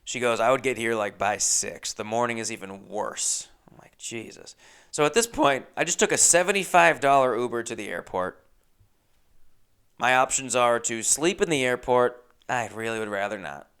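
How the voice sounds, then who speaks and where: Smooth-voiced man telling a story. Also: mid-range voice, moderate pace. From Los Angeles. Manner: animated, acts out other people's lines, swears freely. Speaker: podcast host. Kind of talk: casual storytelling monologue.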